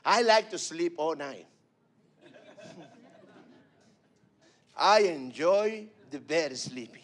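High-voiced fervent preacher, slow and soaring. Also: male voice, expressive. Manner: fervent, rising to shouts then dropping soft. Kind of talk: sermon.

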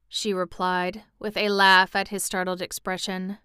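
A woman narrating a children's story aloud in a measured, clear storytelling manner. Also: fairly low pitch, little pitch movement, pushed and bright, no room sound, studio quality. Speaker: audiobook narrator. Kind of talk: scripted narration.

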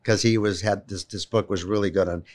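A man, a guest telling personal stories in an animated, emphatic way, often repeating words as he gets going. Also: sits low, fairly quick. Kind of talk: personal storytelling in a conversation.

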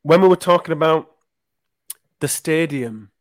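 A man's voice: a little high, unhurried, no room sound, studio quality. A man from Leeds, co-hosting a podcast and chatting casually, telling anecdotes and acting out what people said. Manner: chatty anecdotal storyteller, acts out quotes. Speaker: podcast co-host. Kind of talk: casual chat.

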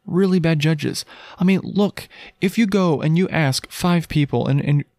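A man's voice: fairly high pitch, measured pace, darkish tone, no echo, clean studio sound. A man hosting a podcast, giving a casual Christian teaching talk in an earnest, emphatic way, with many rhetorical questions and restarts. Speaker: podcast host.

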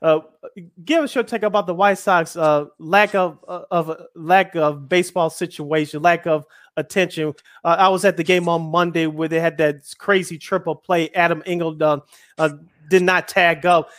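A man co-hosts a casual sports talk show, asking a guest for his take in a halting way full of fillers. His voice sits a bit high for a man. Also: fairly even intonation, fairly bright tone.

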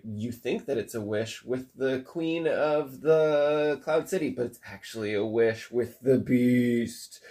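A man's voice: medium pitch, dark tone. Rambling man recapping a cartoon. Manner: rambling, run-on, profane, breathless recap. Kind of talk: casual chat.

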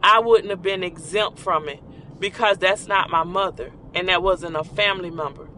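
A woman's voice: lowish voice, normal speed, sharp tone, a little hiss or hum. A middle-aged woman telling personal stories in a casual, conversational way, often repeating key lines for emphasis. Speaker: speaker sharing personal stories.

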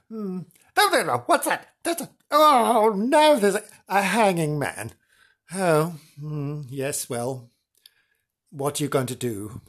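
A fussy woman reporter creeping around a haunted place, as a man puts her on. Her voice swoops high and low as she twitters and startles at every noise. It has a faintly husky grain, and she sounds like part of a comic radio play. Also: a bit bright, full character voice. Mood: nervous. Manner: twittery, easily spooked, giggly asides. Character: fussy nervous woman reporter on a ghost walk.

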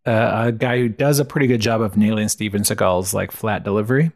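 A man's voice: on the low side, brisk, creaky. A man co-hosting a casual podcast, wryly summing up reviews and a plot with lots of filler words. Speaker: podcast co-host.

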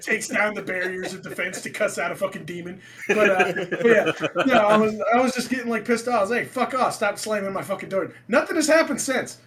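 Bright high-voiced young man telling stories. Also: a little fast. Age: young adult. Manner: swearing, laughing, acts out quotes loudly. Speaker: storyteller. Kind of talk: casual chat.

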